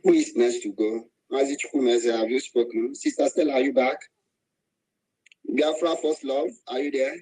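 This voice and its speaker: A man's voice: medium pitch, very animated, moderate pace, mellow, slightly rough, rough recording. A man with a Nigerian Igbo accent giving an angry, emotional speech to an online voice room, calling out to listeners. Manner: emotional, angry, preaching, rising to cries. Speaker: speaker in an online activist voice room.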